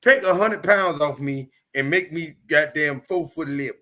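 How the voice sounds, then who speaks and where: A Chicago comedian in his fifties, appearing as a guest, recounts childhood stories candidly in a high, bright voice at normal speed. He's animated, profane and emphatic, driving every point home hard.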